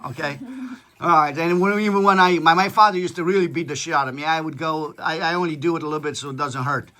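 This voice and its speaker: A man's voice: on the high side, fast talker, sharp tone. A man talking casually with his daughter, lecturing her in a blunt, profane storytelling manner. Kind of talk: casual chat.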